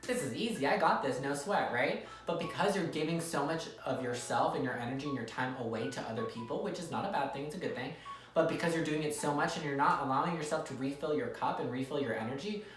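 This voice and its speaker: Over music, a woman with a very deep voice talks quickly as she gives viewers a casual tarot reading, chatty and repetitive, often checking in with "okay?" The room is echoey and the mic sits at a distance.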